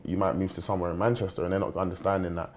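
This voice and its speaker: This young man speaks in a low, deep voice, and he talks quickly. He is a footballer sitting on a panel and answers earnestly, often restarting his sentences. His tone is dark and mellow. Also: fairly even intonation. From London. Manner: fast, earnest, with many restarts. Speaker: professional footballer, guest. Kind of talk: panel discussion.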